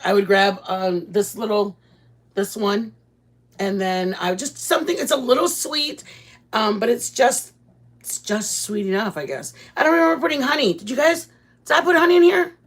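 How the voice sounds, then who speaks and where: A woman's voice: a little high, lively intonation, normal speed. A woman chatting casually with viewers while making food in her home kitchen, rambling and greeting people by name. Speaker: vlog host. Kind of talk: casual live-stream chat while cooking.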